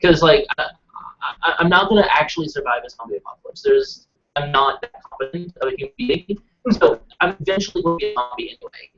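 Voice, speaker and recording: A man's voice: on the high side, huge pitch swings, quick pace, fairly bright tone, soft background music. A man chatting casually on a live stream, rambling and self-deprecating. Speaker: show regular. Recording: dull lo-fi webcast audio.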